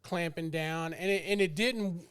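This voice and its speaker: A man co-hosting a podcast in a loose, rambling chat, dropping swear words and "you know" all the way through. His voice sits a little high and comes across smooth and clear. The sound is dry and close to the mic. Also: measured pace, fairly bright tone, dry recording. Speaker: podcast co-host. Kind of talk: casual chat.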